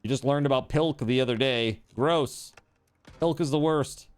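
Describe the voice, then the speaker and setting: While playing a video game on stream, a man chats and jokes casually with his viewers in a mid-range, clean-toned voice, speaking a little slowly.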